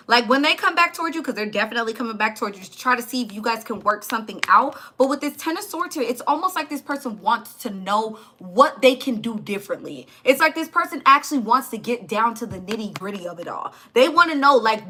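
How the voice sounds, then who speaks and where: Bright, chatty woman reading tarot. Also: on the high side. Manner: blunt, chatty, swears and laughs often. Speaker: tarot reader. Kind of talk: casual tarot reading to camera.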